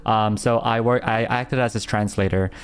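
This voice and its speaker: A young man streaming as a VTuber, telling stories in a casual chat with lots of fillers and bursts of excitement. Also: lowish voice, normal speed. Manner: excitable storytelling, bursting into laughter, many fillers.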